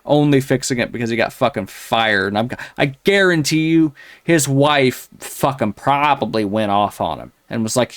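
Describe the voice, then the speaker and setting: A man's voice: medium pitch, expressive, moderate pace, no room sound, clean studio sound. A man hosting a commentary show, crudely mocking a video with a rambling, sneering delivery full of fillers. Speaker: commentary host.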